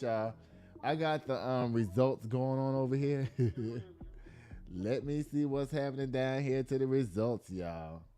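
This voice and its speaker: A man hosting a loose news commentary show, slangy and talkative, reacting to each headline as he reads it. His voice swings up and down, and faint music plays under it. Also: mid-range voice. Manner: animated, slangy, reacts aloud while reading.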